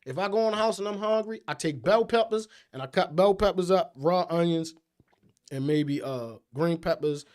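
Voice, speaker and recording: High-voiced man telling profane stories. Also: normal speed. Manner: profane, animated storytelling, loud outbursts. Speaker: podcast co-host. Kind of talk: casual chat.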